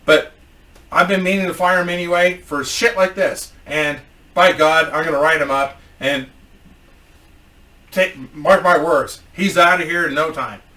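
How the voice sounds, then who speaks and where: A man's voice: on the high side, fairly even intonation, measured pace, sharp tone. A man doing a blunt, swearing hotel manager. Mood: placating. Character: gruff exasperated male hotel manager. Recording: roomy echo, mic at a distance.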